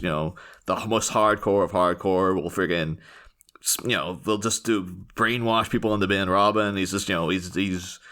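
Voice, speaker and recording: Male podcast host, lowish voice, eager rambling film chat. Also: bright, forceful tone. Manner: enthusiastic, rambling, many restarts. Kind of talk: casual chat, film discussion.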